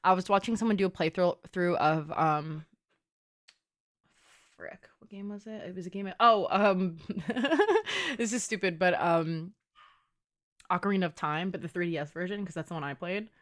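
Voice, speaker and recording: Speaking at a normal speed with lively intonation and a lowish voice, a young game streamer banters with her audience from home. It's casual live-stream chat, playful and sprinkled with offhand swearing.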